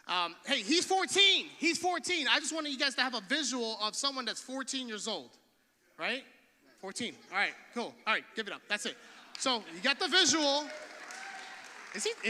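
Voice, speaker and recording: A man's voice: very high voice, pushed and bright, big-room sound. A man preaching a sermon from a church stage, casual and slangy, with many restarts. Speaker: pastor.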